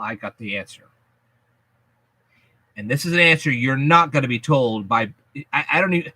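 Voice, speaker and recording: A man's voice: a little high, sharp tone, dry recording. A man hosting a casual vlog, explaining things to his viewers in a folksy, chatty, emphatic way. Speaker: YouTube channel host.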